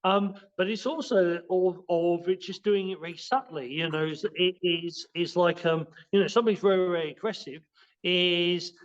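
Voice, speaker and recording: High-voiced man explaining, full of restarts. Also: moderate pace, muffled recording. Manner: rambling, with many restarts and fillers. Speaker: guest, martial arts and qigong teacher. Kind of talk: casual spoken explanation in a podcast interview.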